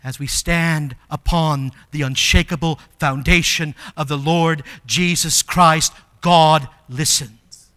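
Male pastor, high voice, sermon delivery, emphatic with sharp swings from hushed to loud. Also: steady tone, slow.

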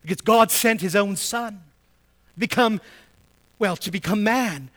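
High-voiced preacher man. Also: a little slow, pauses often. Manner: emphatic preaching, repeats key phrases, swings between soft and loud. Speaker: pastor. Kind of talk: sermon.

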